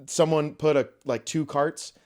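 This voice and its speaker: A man's voice: on the high side, steady tone, a little slow, darkish tone. A young man hosting a podcast, telling a story casually and with animation, swearing freely and acting out quoted voices. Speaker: podcast host.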